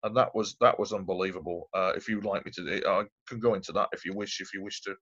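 A low-pitched man talks fast with fairly even intonation and a slightly bright edge. As an interview guest, he's casually telling a long personal story, rambling, repetitive and emphatic, and the audio is dull and lo-fi.

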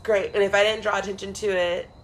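Animated, foul-mouthed young woman storyteller. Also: mid-range voice, quick pace, a little hiss or hum, poor audio. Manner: animated storyteller who acts out quotes and swears freely. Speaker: podcast co-host. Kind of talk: casual chat.

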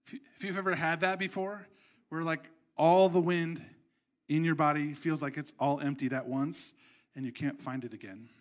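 A man preaching a sermon in an animated, conversational storytelling way. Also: fairly high pitch, normal speed. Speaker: pastor.

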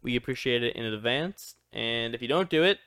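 A man's voice: mid-range voice, animated, fairly quick, bright, forceful tone, smooth. A man co-hosting a loose group podcast, chatting casually with lots of fillers and restarts. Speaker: podcast co-host.

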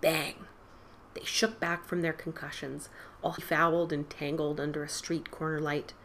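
A woman podcast host reading a spooky story aloud in an expressive storybook style, dropping to whispers and rising for the characters' cries. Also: sits low, a little slow, a little hiss or hum. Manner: dramatic, drops to whispers and lifts for quoted boys' cries.

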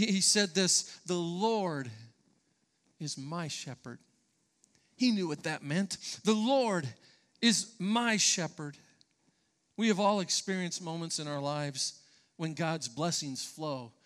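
A man's voice: sits high, a bit bright, clean tone. A pastor preaching a sermon to his congregation, emphatic and conversational, often repeating words and asking the listeners questions.

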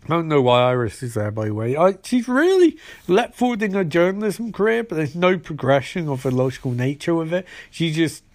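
A man's voice: a little high, sing-song, a little fast, few pauses, no echo. A man casually recapping a TV episode in a rambling, sarcastic way, acting out the characters' lines as he goes.

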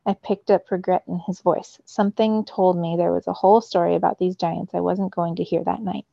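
A woman teacher reading a novel aloud to her students in a steady storytelling way. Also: lowish voice, a little fast, creaky, no echo, lo-fi sound.

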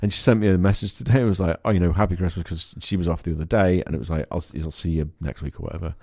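Speaking fast in a low voice with a Manx accent, this man from the Isle of Man co-hosts a casual comedy podcast. He swears, laughs, and tells stories with animation, captured in studio quality with no echo.

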